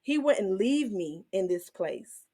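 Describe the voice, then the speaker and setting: A woman hosting her own faith channel, teaching and testifying in an emotional, animated way, with some in her speech. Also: medium pitch, takes it slowly, slightly rough. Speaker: Christian women's channel host.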